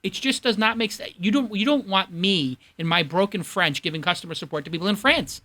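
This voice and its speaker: A man with a Brooklyn accent hosting a studio panel, opinionated and animated. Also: high voice, a little fast. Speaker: host. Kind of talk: panel discussion.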